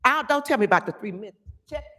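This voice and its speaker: An older woman giving an angry, emphatic public comment at a village board meeting, often pausing to ask "okay?". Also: on the high side, animated, pushed and bright. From Chicago area.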